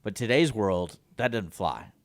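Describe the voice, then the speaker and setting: A man co-hosting a radio talk show in casual chat, animated and acting out imagined exchanges. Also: fairly low pitch, measured pace, no room sound, clean studio sound. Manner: animated, acts out imagined dialogue.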